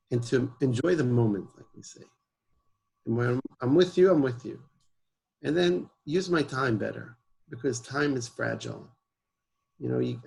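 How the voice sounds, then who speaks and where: A man's voice: medium pitch, vocal fry, a little mellow, breathy edge, low-quality recording. A man, guest in an interview, earnestly telling a personal story and mixing in Hebrew words. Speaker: guest, emergency service founder.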